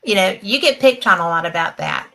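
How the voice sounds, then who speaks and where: An American woman host with a bright, sharp tone and a mid-range pitch. She chats casually and responds supportively to her guest. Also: lively intonation, fairly quick, poor audio. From United States. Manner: supportive, agreeing. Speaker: interview host. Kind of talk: casual interview chat.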